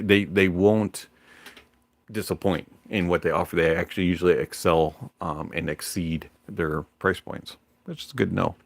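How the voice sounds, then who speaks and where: Low gravelly man in a relaxed ramble. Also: dry recording. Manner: relaxed, rambling, with many fillers. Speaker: livestream host. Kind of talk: casual livestream chat.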